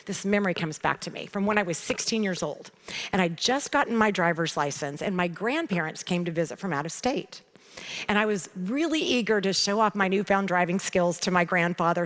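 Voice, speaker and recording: A middle-aged woman giving a devotional teaching, telling a personal story in a chatty, animated way. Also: medium pitch. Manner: conversational storytelling, animated retelling. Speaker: Bible teacher.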